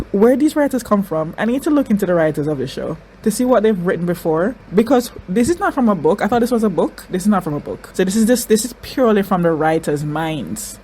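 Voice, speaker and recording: Excitable woman reacting, faint hiss. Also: medium pitch, fast talker, few pauses, low-quality recording. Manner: exclaiming, repeats phrases, says y'all. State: crying. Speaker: reaction video host.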